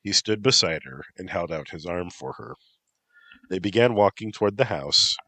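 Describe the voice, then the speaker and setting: A man narrating a fantasy story in a steady, matter-of-fact reading. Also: low-pitched, no room sound. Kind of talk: audiobook narration.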